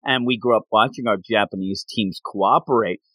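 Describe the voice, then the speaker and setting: A man hosting a casual chat recapping an anime, talking in a rambling, animated way and laughing often. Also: on the low side, moderate pace, no echo, poor audio.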